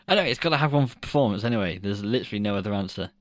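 A man in casual podcast chat, with a fairly low voice. He laughs easily and swears in passing, and his delivery often draws out. The recording is close and dry, with no room sound. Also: no echo. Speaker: podcast co-host.

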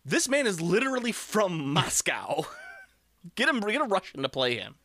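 A man co-hosting a casual movie podcast, chatty, with quick asides and laughs. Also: sits high, sing-song, pushed and bright. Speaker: podcast co-host.

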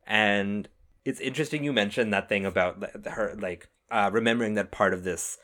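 A man co-hosting a podcast, chatting casually about a film and getting excited as he tells stories. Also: fairly low pitch, moderate pace. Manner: excitable, animated storytelling with self-interruptions. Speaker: podcast co-host.

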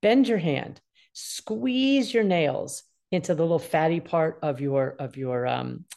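A woman's voice: deep voice, slow, vocal fry. A woman in her sixties talking casually as a guest, giving parenting advice and acting out what children feel. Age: 60s. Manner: expressive, acts out children's voices in quotes.

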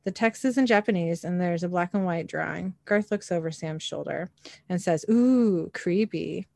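A woman's voice: on the low side, normal speed, vocal fry, no echo, studio quality. A woman narrating a TV episode scene by scene in a casual way, reading the characters' lines plainly with the odd filler. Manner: reads quoted dialogue plainly, with small fillers.

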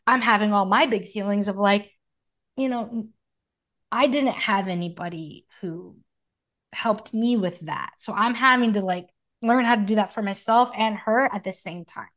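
A woman's voice: medium pitch, moderate pace, a bit bright. Thirties woman, podcast co-host, earnest and reflective, talks in long flowing thoughts. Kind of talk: casual conversation.

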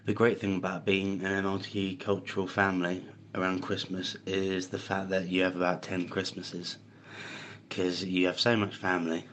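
A man with a very low voice delivers a deadpan message. His pitch hardly moves at all. A faint hiss of noise sits behind him. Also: moderate pace. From Britain. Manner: deadpan, monotone. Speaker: guest. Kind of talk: recorded message.

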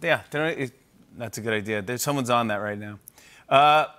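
A man hosting a casual interview, enthusiastic and halting, with many fillers. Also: medium pitch, pushed and bright, smooth. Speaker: podcast host.

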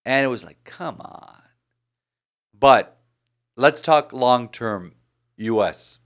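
Animated man chatting about sports. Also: mid-range voice, slow. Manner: animated, rambling, frequent restarts. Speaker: podcast host. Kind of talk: casual sports chat.

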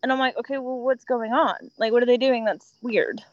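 Animated, laughing woman dispatcher telling stories. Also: a little high, brisk, no room sound, dull audio. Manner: animated storyteller, laughs often, acts out quotes. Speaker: 911 dispatcher. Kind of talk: casual podcast chat.

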